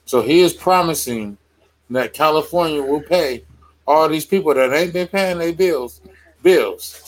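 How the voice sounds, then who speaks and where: A man's voice: fairly high pitch, measured pace, poor audio. A man co-hosting a casual talk show, patiently explaining a news story step by step. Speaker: podcast co-host. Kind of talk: casual chat.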